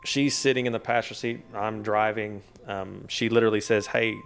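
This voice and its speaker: A man telling a ghost story in a steady, matter-of-fact way. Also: fairly low pitch, a little fast, slight background noise. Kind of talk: casual storytelling.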